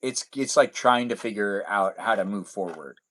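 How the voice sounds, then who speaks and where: A man's voice: on the low side, moderate pace, fairly bright tone, poor audio. Rambling man hosting a live stream. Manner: rambling, repeats his own catchphrases. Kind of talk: casual live stream chat.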